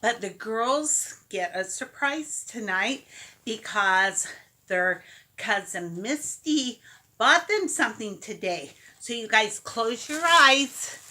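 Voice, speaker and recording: A woman's voice: on the high side, expressive, slow pace, pushed and bright. A mother reading a picture book aloud to her toddlers, coaxing and playful, inviting them to join in.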